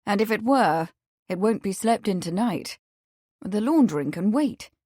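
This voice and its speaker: A woman voicing a kindly gentleman investigator with a measured manner. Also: medium pitch, expressive, no echo, studio quality.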